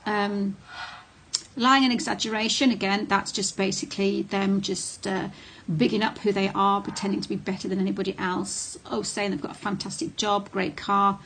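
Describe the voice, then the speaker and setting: A woman's voice: mid-range voice, flat delivery, normal speed, a bit bright, a little hiss or hum. A middle-aged woman talking casually to camera, blunt and candid, with frequent ums and restarts. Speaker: vlogger on narcissistic abuse.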